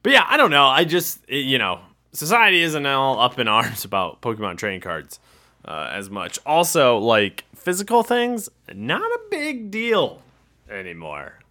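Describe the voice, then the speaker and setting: A man's voice: mid-range voice, wildly swooping pitch, moderate pace, sharp tone. A young man hosting a casual solo podcast, rambling and laughing at himself as he talks. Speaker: podcast host.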